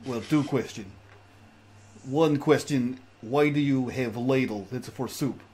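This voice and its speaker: A man's voice: mid-range voice, unhurried, a little mellow. A man playing a tabletop character who speaks in blunt, broken English. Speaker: player. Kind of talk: in-character role-play.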